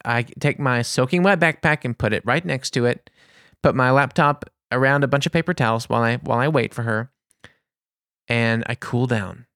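A man telling a casual anecdote in an animated, exasperated way, with vivid asides. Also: mid-range voice, moderate pace, no echo, clean studio sound. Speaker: storyteller.

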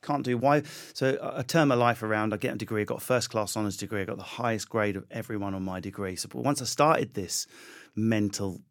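Male comedian guest, low-pitched, rapid, animated storyteller. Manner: rapid, animated, self-deprecating, many restarts. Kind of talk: conversational interview storytelling.

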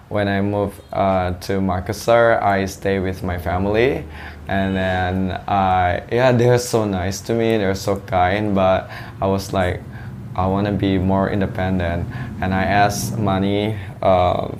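A man's voice: deep voice, a little hiss or hum. A young man with an Indonesian accent, chatting as a guest and telling stories with lots of fillers and restarts. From Sulawesi, Indonesia. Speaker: guest, English teacher. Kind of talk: casual chat.

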